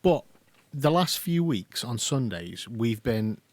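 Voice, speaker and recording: A man's voice: mid-range voice, big pitch swings, slow, no echo. A man co-hosting a podcast in casual chat, telling rambling stories and swearing now and then. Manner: chatty storyteller, rambling, swears. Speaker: podcast co-host.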